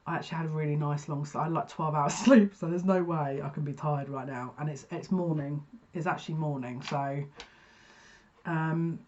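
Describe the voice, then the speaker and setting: A psychic reader chatting her way through a card reading, voice sitting mid-pitch and the recording a little dull and lo-fi. She rambles, restarts phrases and interrupts herself as thoughts arrive. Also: steady tone, normal speed, a little mellow, slight background noise. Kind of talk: casual intuitive card reading for viewers.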